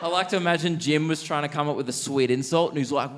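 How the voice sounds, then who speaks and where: Animated Australian comedian on a theatre stage. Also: male voice, on the high side, normal speed. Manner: animated, laughs at his own jokes. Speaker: stand-up comedian. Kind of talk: stand-up storytelling. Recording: long theatre reverb, faint noise.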